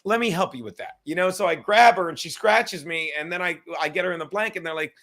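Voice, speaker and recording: Man, high voice, bright sharp tone, video call, rambling storyteller, swears a lot. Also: quick pace. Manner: rambling storytelling, swears often, acts out quotes. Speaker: drop-in guest. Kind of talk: casual chat on a live stream.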